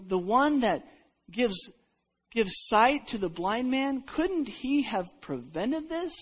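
A woman with a breathy, fairly high voice tells a Bible story in the first person as one of the disciples. She stumbles and restarts often and swings from near-whispers to loud, dramatic moments. The recording sounds dull and lo-fi. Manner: halting, with repeated words and restarts.

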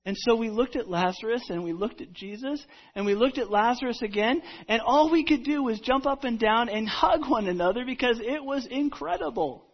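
Woman, husky, first-person disciple storytelling, halting restarts, hushed-to-loud swings, muffled lo-fi recording. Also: on the high side, lively intonation. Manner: halting, with repeated words and restarts. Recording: dull lo-fi recording.

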